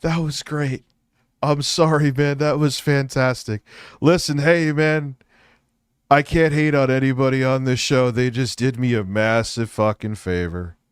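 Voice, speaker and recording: A man's voice: mid-range voice, steady tone, measured pace, smooth, no echo. Swearing streamer man, dry sound. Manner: crude, swearing, rambling. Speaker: livestream host. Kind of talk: casual live stream talk.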